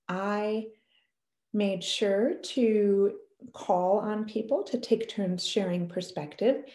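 A woman's voice: medium pitch, takes it slowly, mellow, echoey room. A woman in her thirties giving earnest parenting advice, explaining a family conversation step by step. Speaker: parenting educator. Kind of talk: advice talk to camera.

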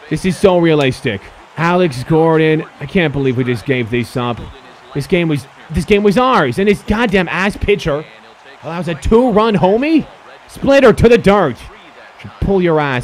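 A young man giving excitable, swearing commentary while he plays a baseball video game. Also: a little high. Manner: excitable, swears and yells at the players. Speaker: gaming YouTuber.

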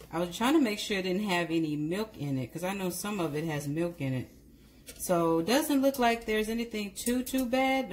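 A woman's voice: lowish voice, slight background noise. A woman giving a casual cooking demonstration in a chatty way, often correcting herself and speaking directly to her viewers. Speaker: cooking vlogger.

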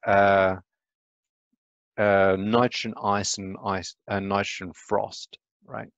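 A man's voice: on the low side, no room sound. A man giving a casual, chatty lecture on astronomy, often checking in with "right?".

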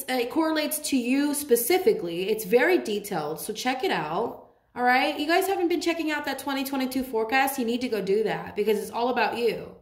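A woman's voice: on the high side, expressive, a little fast, roomy sound. A woman doing a casual tarot reading to camera, chatty and affectionate, speaking emphatically with frequent restarts. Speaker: tarot reader.

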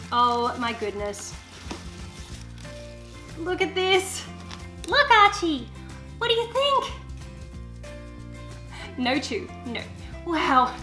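A young woman vlogs at home, opening parcels and squealing over each one. Her voice sits high and sounds crisp and bright. Faint music runs underneath. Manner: gushing and excitable, squeals over items. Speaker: YouTuber. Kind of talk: casual unboxing vlog chat.

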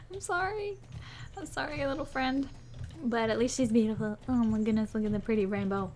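A chatty woman with a fairly high voice gives casual play-by-play commentary on a horse-riding game. She giggles often and talks to herself, and her voice is slightly hoarse. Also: moderate pace, darkish tone. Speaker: gaming YouTuber.

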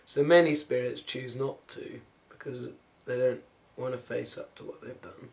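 A man's voice: medium pitch, steady tone, normal speed, gravelly. A man musing casually to camera about spiritual dimensions, wandering from thought to thought and trailing off. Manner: musing, wandering, with soft laughs and trailing-off phrases. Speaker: spiritual vlogger.

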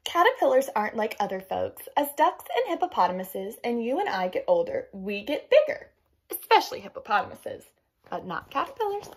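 A woman's voice: a little high, fairly quick, slightly rough. An enthusiastic woman reading a picture book aloud. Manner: enthusiastic, expressive, teacher-like questions. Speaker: read-aloud host.

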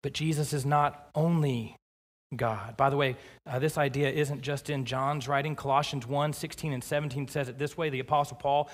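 Pastor guy preaching, kinda high voice, long echo off the sanctuary. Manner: emphatic preaching, slowing down to stress scripture. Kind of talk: sermon. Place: church sanctuary. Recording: long church reverb.

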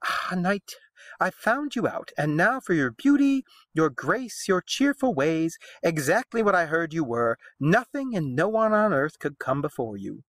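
A man reading aloud the lines of a flirtatious noble lady in measured verse, his voice slightly raised. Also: on the high side, big pitch swings, fairly bright tone, no echo. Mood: coaxing.

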